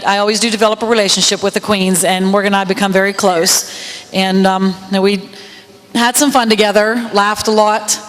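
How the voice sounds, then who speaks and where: A woman's voice: mid-range voice, big-room sound, low-quality recording. A woman emceeing a county fair queen contest, telling a rambling, laughing story. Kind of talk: storytelling at a podium. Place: outdoor fair stage with PA system.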